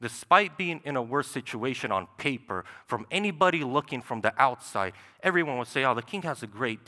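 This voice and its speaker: A man's voice: medium pitch, pushed and bright. A young man preaching a sermon in a church sanctuary, talking in a conversational way and often tossing in "right?". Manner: conversational, with frequent "right?" asides. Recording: long church hall reverb.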